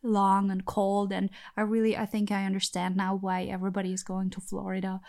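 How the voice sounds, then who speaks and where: A woman's voice: mid-range voice, monotone, a little fast, gravelly, a little mellow. A woman from Austria, co-hosting a casual podcast with her husband and chatting with laughs and sarcastic asides. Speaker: podcast co-host. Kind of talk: casual chat.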